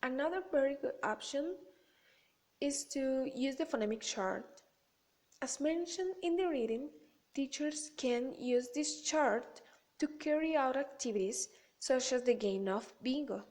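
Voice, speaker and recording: A woman with a high voice reads a class presentation aloud. Her pace is slow and measured, each phrase set down with care. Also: darkish tone. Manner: careful, measured reading.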